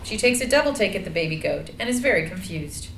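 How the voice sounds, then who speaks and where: A woman narrating the action lines of a screenplay reading in a measured, plain way. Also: on the low side, lively intonation, a bit bright. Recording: echoey room, light noise.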